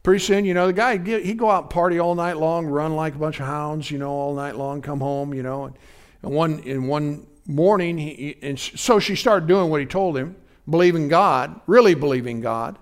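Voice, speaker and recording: Pastor preaching a conversational sermon. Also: male voice, on the high side, moderate pace, smooth. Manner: conversational preaching, often asking the congregation if they follow.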